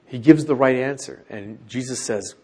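A husky-voiced man leads a small Bible study group. He teaches in a lively, animated way, acting out the quoted lines and turning to ask the group questions. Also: moderate pace. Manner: animated, acts out quoted lines with raised pitch.

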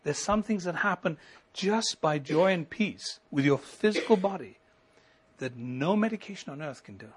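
A middle-aged male pastor preaching a sermon, building to emphatic lines and then dropping to a quiet, intimate tone. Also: on the high side, lively intonation, moderate pace, a little hiss or hum. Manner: preaching with rising emphasis and sudden soft drops.

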